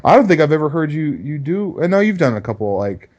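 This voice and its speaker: A man's voice: a little high, sing-song, quick pace, darkish tone, highs cut off. A man co-hosting a casual podcast, rambling in a laid-back way and laughing often. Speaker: podcast co-host. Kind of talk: casual profane chat.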